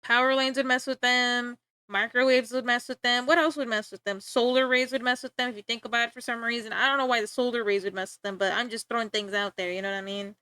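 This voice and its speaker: Bright-voiced young woman streamer rambling. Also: on the high side, fairly even intonation, fast, few pauses, clean tone. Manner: rambling, joking, laughs often. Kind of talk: casual livestream chat.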